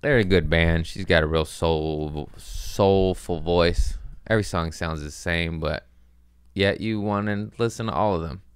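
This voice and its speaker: A man's voice: deep voice, unhurried, clear, resonant tone, dry recording, studio quality. A man hosting a podcast, talking loosely and profanely in a jokey comedic rant.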